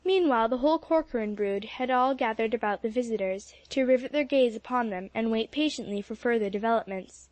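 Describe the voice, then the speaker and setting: A woman's voice: on the high side, fairly quick, hardly any pauses, a little mellow, no room sound. A woman reading an audiobook aloud as narrator, telling the story steadily. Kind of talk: scripted narration.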